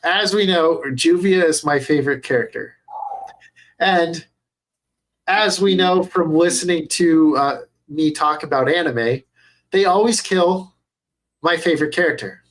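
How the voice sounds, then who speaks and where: A young adult man co-hosting a podcast in casual chat, excitable and cursing freely as he retells scenes. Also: a little high, measured pace. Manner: excitable, swears a lot while retelling scenes. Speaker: podcast co-host.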